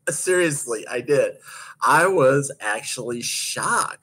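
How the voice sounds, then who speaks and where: Man, casual storyteller: lively, husky delivery, laughs and curses through the anecdote. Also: medium pitch, slow pace. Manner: animated, laughing, swearing freely. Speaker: roller derby skater recounting practice.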